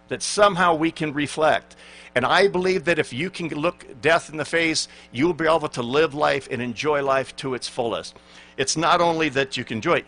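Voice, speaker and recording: A man's voice: fairly high pitch, bright, forceful tone. A man in his sixties, a pastor giving an earnest, emphatic sermon and reading out scripture.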